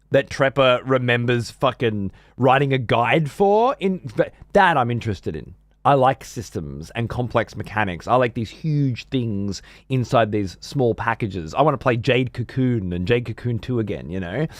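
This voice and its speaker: A man's voice: mid-range voice, no echo. A middle-aged man streaming games, chatting casually in a rambling, profane way with many restarts. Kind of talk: casual gaming stream chat.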